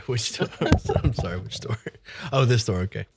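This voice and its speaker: Animated tabletop game master. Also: medium pitch, normal speed, over music. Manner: chatty, giggly narration.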